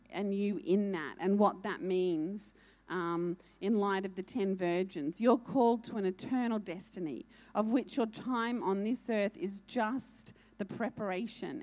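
A woman's voice: mid-range voice, a little mellow. A woman preaching a sermon, urgent and earnest, repeating key lines for emphasis.

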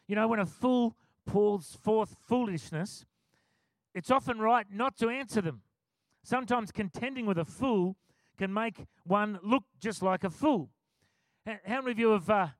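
In a dry, close recording with no room echo, a middle-aged male pastor delivers a sermon at a normal pace. His voice sits fairly high for a man, and he tells stories in an easy, conversational way, often breaking into a laugh.

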